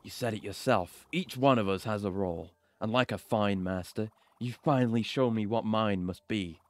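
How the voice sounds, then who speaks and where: A man's voice: fairly low pitch, normal speed, no echo, natural voice. Male streamer voicing a bitter young rival, accusing, dry sound. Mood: defiant. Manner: heated, accusing reading of game lines.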